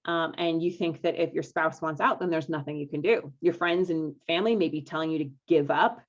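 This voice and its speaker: Upbeat woman coach, low voice, lo-fi. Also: brisk. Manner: upbeat, coaxing, checks in with listeners often. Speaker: marriage coach hosting a live webinar. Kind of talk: live online masterclass talk. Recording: dull lo-fi webinar audio.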